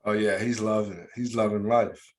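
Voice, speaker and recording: A man from the USA co-hosting a podcast, telling funny stories with laughs and loud quoted voices. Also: fairly low pitch, moderate pace. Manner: laughing storyteller, loud excited quoting. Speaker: podcast co-host. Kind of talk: casual chat.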